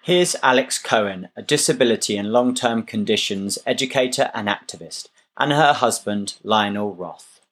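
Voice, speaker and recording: Deep-voiced male presenter. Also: animated, moderate pace, a bit bright. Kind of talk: scripted introductions.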